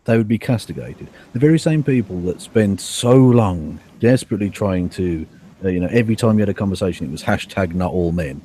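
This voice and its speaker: A man with a very deep, dark and mellow voice argues his point with sardonic emphasis and the odd curse. A faint hiss sits under his video-call audio. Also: animated, a little fast. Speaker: guest. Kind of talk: casual online discussion.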